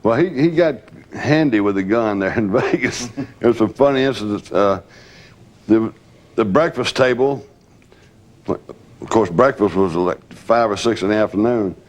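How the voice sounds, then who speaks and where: A man's voice: lowish voice, moderate pace. An older man, a former bodyguard, reminiscing candidly and acting out quotes as he tells stories, with occasional laughs. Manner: storytelling, acts out quotes, laughs.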